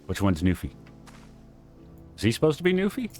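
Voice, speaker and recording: A man's voice: mid-range voice, huge pitch swings, fairly quick, darkish tone, soft background music. Southern man voicing game dialogue on stream. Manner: casual, profane, switches between reading lines and chatting.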